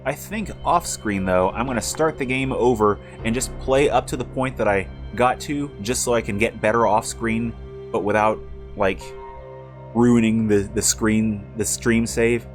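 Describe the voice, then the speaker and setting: A man's voice: medium pitch, measured pace, soft background music. A man streaming a video game, chatting casually with rambling, jokey asides as he plays. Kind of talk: casual live-stream commentary.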